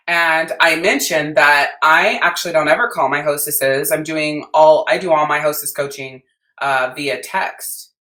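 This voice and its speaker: An American woman with a low voice, talking to listeners in a blunt, swear-heavy rant as a business coach. Her voice bounces around an echoey room. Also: bright, forceful tone. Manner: blunt, emphatic, swears freely. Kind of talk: podcast rant.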